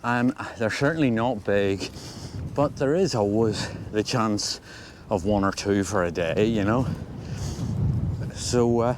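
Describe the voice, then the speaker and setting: A man's voice: lowish voice, takes it slowly, pauses often. An older Scottish man talking casually to the camera as he walks across a windy moor, rambling and dryly humorous. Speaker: angling vlogger. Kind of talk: casual walking commentary. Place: outdoors on a windy moor by a loch.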